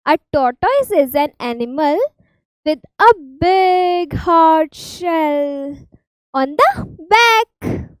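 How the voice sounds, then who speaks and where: A woman with an Indian English accent teaching reptiles to small children, slowly naming each animal in a sing-song way. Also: very high voice, lively intonation, no room sound, low-quality recording. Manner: slow, sing-song, stretches key words. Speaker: preschool teacher.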